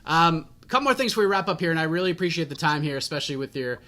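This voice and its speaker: Young guy interviewer, bright and a bit high, rambling casual questions. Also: animated, racing. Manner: chatty, long winding questions. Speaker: MMA interviewer.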